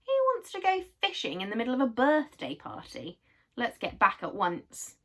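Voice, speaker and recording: A woman's voice: fairly high pitch, wildly swooping pitch, normal speed, heavily acted. A woman voicing a sensible, grumbling boy in a storybook.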